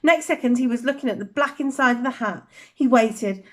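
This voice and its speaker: An older woman with a high, light voice reads a bedtime story aloud. Her telling is gentle and expressive, paced for a listener winding down. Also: a little fast.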